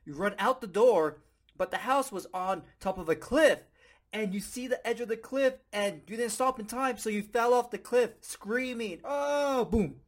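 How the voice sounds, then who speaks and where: High-voiced, playful male podcast host. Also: normal speed. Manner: playful, animated storytelling with frequent chuckles. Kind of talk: casual spoken teaching.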